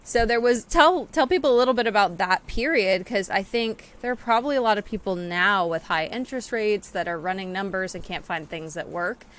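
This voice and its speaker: Podcast co-host, woman, mid-pitched voice, easygoing and asks lots of questions. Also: brisk, few pauses, a bit bright. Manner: friendly, prompting questions. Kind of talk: casual podcast conversation.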